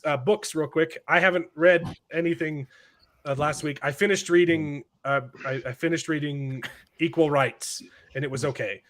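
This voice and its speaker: A man's voice: mid-range voice, a bit bright. A man hosting a podcast in casual chat, rambling and repeating words as he starts his sentences. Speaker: podcast host.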